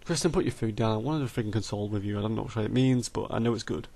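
A man's voice: on the low side, racing, creaky, warm tone. A man giving casual let's-play commentary through a headset mic, often exasperated and talking back to the characters on screen. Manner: exasperated, talks to the game characters, mild swearing. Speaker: gamer doing a let's play.

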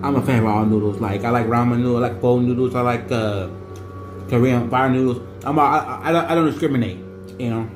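Against a noisy background, a vlogger reviews noodles in a medium-pitched, reverberant voice at a quick pace. His casual talk is rambling, full of fillers, repetitions, and restarted sentences.

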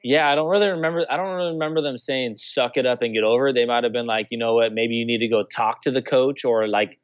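A man's voice: medium pitch, quick pace, dry recording, dull audio. A young adult man, a guest on a talk show, telling a story in a casual, rambling way full of restarts and "you know". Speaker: guest, former pro baseball player. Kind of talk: casual conversational interview.

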